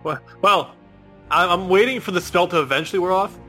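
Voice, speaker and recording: A man playing a tabletop game, talking casually and haltingly, with free swearing. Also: high voice, pushed and bright, soft background music. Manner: halting, chatty, swears freely. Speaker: player.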